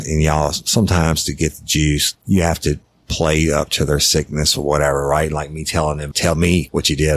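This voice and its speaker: A middle-aged man tells a true crime story from his years as a detective. His voice is extremely deep and he keeps a flat, level delivery. He talks bluntly and swears freely. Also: no echo. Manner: blunt and profane. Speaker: podcast host, former detective.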